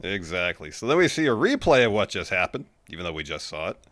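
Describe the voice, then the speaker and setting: A low-voiced man co-hosting a podcast, trading laid-back banter about wrestling. His pitch moves a lot as he talks. The sound is dry and close. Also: sing-song, a bit bright, no echo. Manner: laid-back, quick banter, chimes in often. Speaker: podcast co-host. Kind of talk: casual wrestling recap chat.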